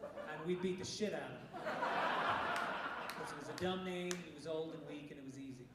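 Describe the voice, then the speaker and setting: A middle-aged male stand-up comic with a fairly high voice, firing off jokes in a punchy, brash way and breaking into shouts now and then. He sounds set back from the mic, and his voice rings around a very echoey club room. A clear layer of noise sits under it all. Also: fairly quick, far from the mic. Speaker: stand-up comedian. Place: comedy club stage.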